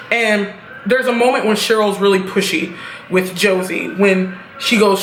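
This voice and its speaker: A woman's voice: mid-range voice, fairly even intonation, measured pace, echoey room, slight background noise. A woman giving a casual, blunt recap of a TV episode, swearing freely as she talks. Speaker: TV episode reviewer.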